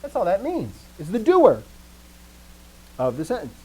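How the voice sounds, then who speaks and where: A man's voice: sits high, unhurried, slightly rough, rough recording. A man teaching a live grammar lesson, asking the class questions and restarting his sentences as he thinks. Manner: lively, asks questions and answers himself.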